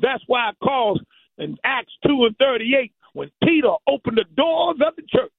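A man preaching a fervent sermon, rhythmic and repetitive, rising to high chanted peaks and dropping low again. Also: very animated, normal speed, husky, no echo. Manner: rhythmic preaching with repeated "thank you, Jesus". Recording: tinny lo-fi radio broadcast.

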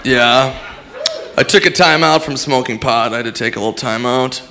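A man doing a stand-up routine with a laid-back, deadpan delivery. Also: medium pitch, moderate pace. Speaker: stand-up comedian. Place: comedy stage with a laughing audience. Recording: live room with crowd and noise.

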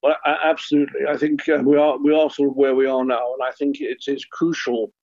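An older man speaks as a guest on a radio interview, hesitant and earnest, often restarting his words. His voice is a little husky. The line sounds dull and lo-fi. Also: medium pitch, flat delivery, brisk, darkish tone. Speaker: guest, former football club chairman.

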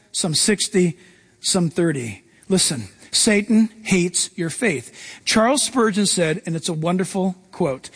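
A man preaching a sermon, reading scripture and acting out the people in it with lively swings of voice. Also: in a large hall. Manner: animated preacher, acts out Bible voices with big pitch jumps. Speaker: pastor.

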